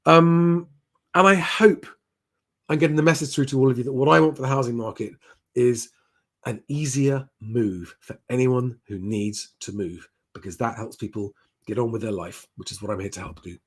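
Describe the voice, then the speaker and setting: A man's voice: mid-range voice, steady tone, normal speed. Chatty man answering viewer questions. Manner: chatty and plain-spoken, with frequent ums and restarts. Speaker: property advice host. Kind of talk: live Q&A, reading viewer comments aloud.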